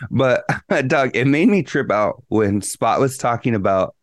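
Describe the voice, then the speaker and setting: Co-hosting a podcast, a man tells a story in a rambling, casual chat, full of swearing and slang. His mid-range voice is expressive and measured, recorded dry with clean studio sound.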